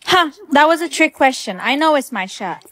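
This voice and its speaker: A woman's voice: high-pitched, animated, normal speed, fairly bright tone. A text-to-speech woman's voice playing a friend and a mother in skits, matter-of-fact and teasing.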